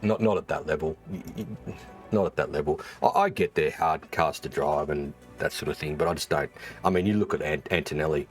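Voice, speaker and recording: Australian man, very low voice, casual stream chat, swears a lot, rambling, faint music behind. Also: fairly quick. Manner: rambling, swears freely, many fillers and restarts. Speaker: streamer and former race engineer.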